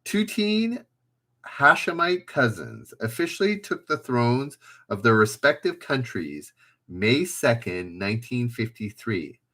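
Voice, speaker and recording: A man's voice: mid-range voice, very animated, a little slow, sharp tone. A man hosting a live trivia stream, reading questions aloud, calling out players and joking at himself in a chatty way. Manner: chatty, self-mocking, reads questions aloud and calls out players. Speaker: trivia livestream host. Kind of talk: casual livestream quiz hosting.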